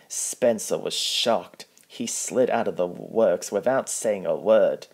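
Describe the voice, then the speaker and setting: A man's voice: sits low, slow, hardly any pauses, a little mellow. A man reading a children's picture book aloud, plainly, with small slips. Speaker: storybook reader.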